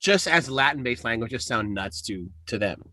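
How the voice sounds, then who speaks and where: A man hosts a relaxed chat show, drifting through his points with restarts and the odd curse. His voice is mid-pitched and sits close and dry on the mic. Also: normal speed, no echo. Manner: loose, profane, rambling with restarts. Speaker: podcast host. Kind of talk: casual chat.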